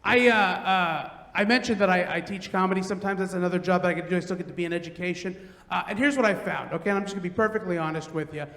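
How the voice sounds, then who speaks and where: A middle-aged man performing a stand-up comedy set, telling loud, animated stories and acting out the quotes. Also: sits high, rapid-fire. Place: large theater stage. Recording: roomy theater with long reverb.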